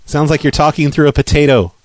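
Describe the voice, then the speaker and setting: A man making a prank phone call, talking in a pushy, deadpan, matter-of-fact way. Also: fairly high pitch, quick pace, slight background noise. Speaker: prank caller.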